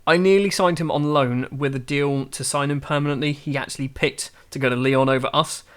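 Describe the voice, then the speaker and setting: A man giving chatty, self-mocking game commentary that gets excitable. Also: medium pitch, a little fast, clean tone. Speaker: gaming YouTuber.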